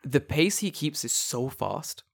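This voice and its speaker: A man's voice: fairly high pitch, a little slow, gravelly, slightly rough, dry recording, clean studio sound. A man in his late twenties, co-hosting a casual podcast chat, telling stories with lots of swearing and acted-out quotes. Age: 20s. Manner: animated storyteller, swears freely, acts out quotes. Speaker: podcast co-host.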